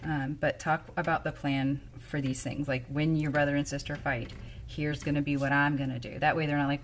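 A woman co-hosting a casual parenting chat as a mother, speaking in a relaxed, matter-of-fact way. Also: deep voice, normal speed, slight background noise. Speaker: co-host, mother.

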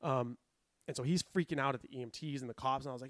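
A man's voice: medium pitch, rapid-fire, dry recording, clean studio sound. A man telling a long story in casual chat, acting out the people he quotes. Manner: animated, acts out quotes with raised voice. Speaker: podcast guest telling a story.

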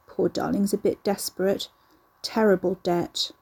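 Brief: a woman playing a gentle, quietly menacing grandmother over 60 in a storybook reading; mellow, husky. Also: mid-range voice, little pitch movement, unhurried. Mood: gently stern. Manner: gentle, level, scolding.

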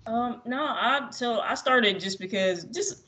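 A young adult podcast guest chatting casually, telling stories in a relaxed way with many fillers. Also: mid-range voice, slow pace, slight background noise. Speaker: podcast guest, jiu-jitsu practitioner.

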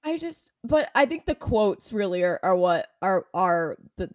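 A woman chatting casually as a podcast co-host, animated and sarcastic when she reads quotes aloud. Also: medium pitch, a little slow, no echo, studio quality. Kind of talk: casual chat.

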